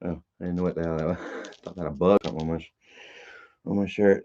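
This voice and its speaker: A man's voice: low-pitched, fairly even intonation, brisk, long pauses, warm tone. A man hosting his own live stream, chatting loosely and profanely with lots of fillers and asides to his viewers. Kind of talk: rambling casual live stream chat. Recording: dull lo-fi stream audio.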